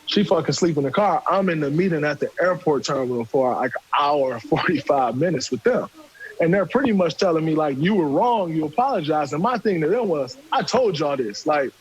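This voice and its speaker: A man, casually telling a profane, animated story and acting out what people said. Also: on the high side, a little fast, dull audio. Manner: animated, profane, acts out quotes. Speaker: podcast guest storyteller.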